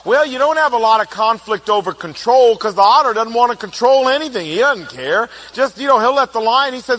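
High, bright-voiced humorous male speaker. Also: brisk, few pauses. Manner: animated storytelling, playful, acts out quotes. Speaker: speaker on personality types. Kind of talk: humorous talk to an audience.

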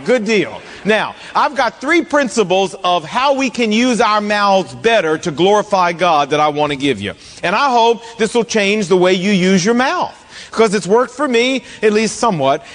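A man's voice: sits high, fairly bright tone. A man preaching a sermon as pastor, telling a funny story on himself in a loose, conversational way, heard in a church. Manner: humorous storytelling, conversational, self-mocking. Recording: long hall reverb.

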